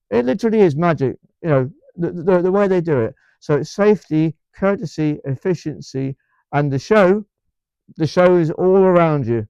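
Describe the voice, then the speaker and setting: In dull audio without echo, an Englishman with a mellow, smooth voice pitched on the high side talks casually to camera for his vlog. He comes across enthusiastic and emphatic, rambling with many restarts and repeated words.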